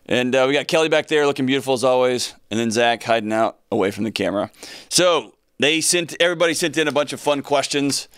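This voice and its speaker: Lively, rambling male podcast host. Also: mid-range voice, quick pace, clear, resonant tone, no room sound, studio quality. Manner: energetic, rambling, joking asides. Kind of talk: casual studio chat. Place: podcast studio. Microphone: studio mic with earphones.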